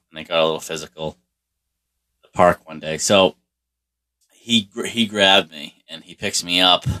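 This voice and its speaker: A low-pitched man with a forceful, tense edge to his voice tells a rambling personal story. He swears nearly every sentence and leans on casual fillers as he goes.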